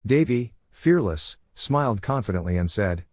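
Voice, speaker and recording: A man with a somewhat low voice reads a fantasy comic recap as scripted narration. His delivery stays flat and even throughout. The recording is dry and close, with no room sound. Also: a little fast, no echo.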